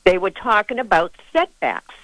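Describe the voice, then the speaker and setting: A woman's voice: medium pitch, big pitch swings, normal speed, fairly bright tone, no echo, rough recording. A woman with a Boston accent calling in to a radio show. She is chatty and indignant and tells stories at length. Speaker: caller. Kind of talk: call-in radio chat.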